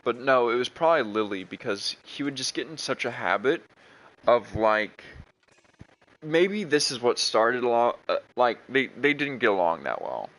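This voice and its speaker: A man's voice: medium pitch, very animated, moderate pace, a bit bright, poor audio. Rambling young man talking over his game. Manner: rambling, with many restarts and fillers. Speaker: gaming streamer. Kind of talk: casual chat while playing a video game.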